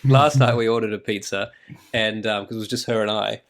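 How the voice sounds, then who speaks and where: Man, animated storytelling, casual podcast. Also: on the low side, brisk. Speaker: podcast co-host. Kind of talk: casual chat.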